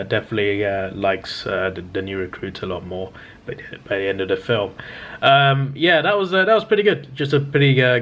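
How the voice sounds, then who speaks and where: A man's voice: fairly low pitch, fairly bright tone. A man, chatting casually as he reacts to and reviews a movie, rambling with lots of fillers and restarts.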